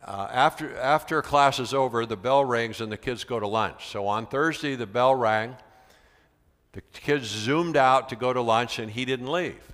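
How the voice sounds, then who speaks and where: A man's voice: medium pitch, moderate pace. A man from the United States, a veteran teacher giving a conference talk, telling a classroom story and acting out the dialogue. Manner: animated storyteller, acts out quoted dialogue. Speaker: keynote speaker, veteran teacher. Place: large convention center hall. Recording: long reverb of a large hall.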